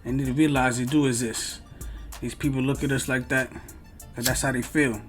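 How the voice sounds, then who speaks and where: A man in the middle pitch range fires back at another creator in reaction commentary. His talk is loose and slangy, heated and argumentative, with faint music playing under him. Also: steady tone, moderate pace. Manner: casual slang-heavy street talk. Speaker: YouTube commentator answering another video.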